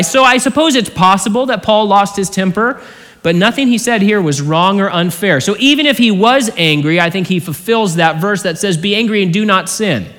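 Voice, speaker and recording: A man's voice: sits high, fairly bright tone. Earnest male preacher in a reverberant hall. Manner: earnest, rhetorical questions, voice dropping at phrase ends. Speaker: pastor. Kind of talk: expository sermon.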